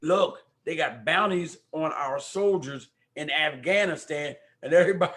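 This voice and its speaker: On a community talk show livestream, an older male host greets viewers by name and urges them to vote with warm, preacher-like exhortations. His voice sits on the high side at normal speed with few pauses, recorded on a microphone at home.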